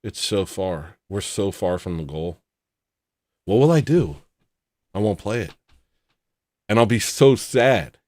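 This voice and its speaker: A man's voice: on the low side, animated, unhurried, pauses often, a little mellow, dry recording. A man hosting a casual livestream, rambling, joking at his own expense and greeting chatters by name. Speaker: livestream host.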